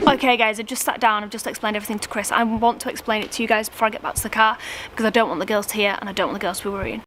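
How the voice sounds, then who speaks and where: A woman's voice: medium pitch, fairly even intonation, very fast, a bit bright, a little hiss or hum. A woman vlogging casually to a handheld camera outdoors, rambling and stumbling over her words. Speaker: family vlogger. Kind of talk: casual vlog chat to camera. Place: outdoors at a roadside.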